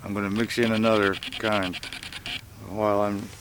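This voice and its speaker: Recorded from a distance on a camera mic, a middle-aged man talks in a lowish, level voice at normal speed during a casual solo vlog at an outdoor campsite. He rambles with frequent fillers and restarts, over noisy audio punctuated by autofocus clicks.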